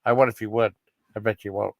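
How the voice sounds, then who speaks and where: A man's voice: on the low side, fairly even intonation, quick pace, no echo. A man hosting a livestream and chatting casually, rambling and agreeing with lots of uhs and yeahs. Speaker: livestream host. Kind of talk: casual chat.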